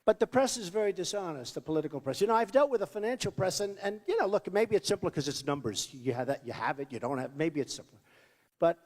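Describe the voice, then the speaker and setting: A man in his sixties from New York delivers a campaign rally speech, rambling and boastful with repeated asides. His voice sits high for a man and swings widely in pitch. A long reverb trails off the walls of the big hall. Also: expressive, quick pace, darkish tone. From New York, United States. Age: 60s. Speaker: political candidate. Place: large hall with a crowd.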